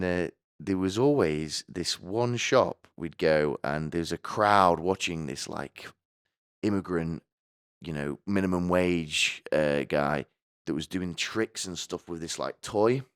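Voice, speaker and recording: A man's voice: low voice, clean tone, no echo, clean studio sound. A man hosting a podcast, telling rambling personal stories with crude jokes and asides. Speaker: podcast host. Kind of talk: comedic personal monologue.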